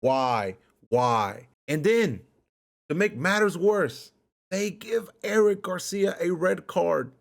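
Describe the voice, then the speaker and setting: A man's voice: high-pitched, lively intonation, slow, gravelly. A man giving a heated post-match rant as a football fan vlogger, repeating himself as he fumes. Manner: heated, repetitive ranting.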